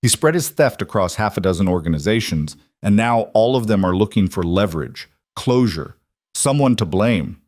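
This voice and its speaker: A man voicing a cold, commanding mafia boss of about forty, speaking in a calm, measured and quietly threatening way. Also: lowish voice, no echo.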